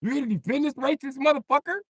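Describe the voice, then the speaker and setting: A man voicing a combative hothead snapping at the police in a high-pitched voice. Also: racing, a bit bright, no echo, studio quality.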